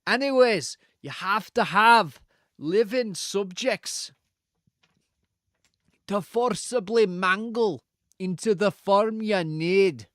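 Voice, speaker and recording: A man's voice: extremely high pitch, lively intonation, slow, few pauses, a bit bright, no room sound, clean studio sound, pitched above the performer's own voice, full character voice. A man putting on a loose, half-Scottish accent, teasing his audience in a mock-solemn, profane way. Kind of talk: casual chat with a live audience.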